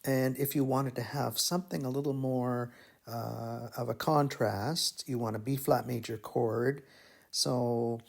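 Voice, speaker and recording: A man teaching melody writing in a slow, musing, think-aloud way, humming phrases as he explains. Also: mid-range voice, steady tone, gravelly. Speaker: music teacher. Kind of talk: thinking-aloud composition tutorial.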